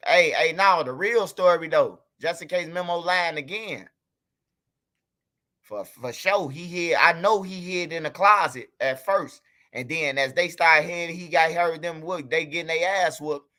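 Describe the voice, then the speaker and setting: On his livestream, a man tells a story and talks straight to his chat, keeping things loose and profane. His voice runs on the high side, sharp in tone, at a measured pace.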